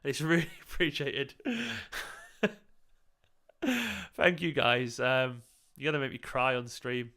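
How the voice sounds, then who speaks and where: A man hosts a live football watchalong, chatting casually and gushing thanks to his viewers between remarks on the game. His voice is bright and clean, with loose, frequent swearing. He sounds tired and a bit emotional. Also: medium pitch, slow, pauses often. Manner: effusive, swears freely, thanks viewers by name. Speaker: streamer hosting a football watchalong. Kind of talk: casual live-stream chat and commentary.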